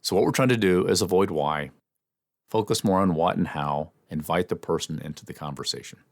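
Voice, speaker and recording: A man hosting an instructional podcast, explaining in a measured way with small restarts. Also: deep voice, creaky, dry recording, studio quality. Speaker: podcast host and communication trainer.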